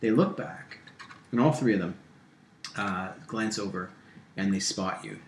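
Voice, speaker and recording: A man narrating as game master in a tabletop game, halting with many ums and restarts. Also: on the low side. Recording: echoey room with faint hiss.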